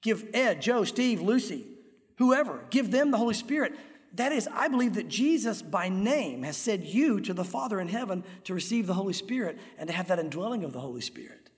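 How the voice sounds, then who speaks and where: Middle-aged male pastor, earnest and animated sermon delivery, echoey church hall. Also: high voice, brisk. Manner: earnest, animated, acts out crowd voices. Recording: echoey hall with long reverb.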